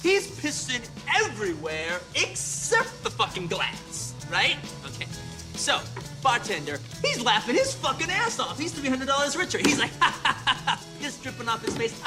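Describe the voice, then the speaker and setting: A man's voice: very high voice, heavily acted. An actor playing a man in a bar who tells a long crude joke, swearing and laughing at his own punchline. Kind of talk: film dialogue. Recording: film audio clip with music behind. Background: music.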